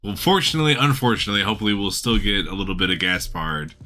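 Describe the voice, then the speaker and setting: Deep, bright-toned man in casual chat. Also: racing. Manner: thoughtful, self-correcting. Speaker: podcast co-host.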